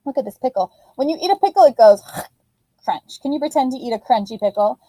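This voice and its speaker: Woman teacher, lively sing-song voice, mellow tone, dry close sound, talking to little kids. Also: sits high, fast, no echo, poor audio. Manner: animated sing-song teacher voice addressing young children. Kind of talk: early-childhood phonics lesson.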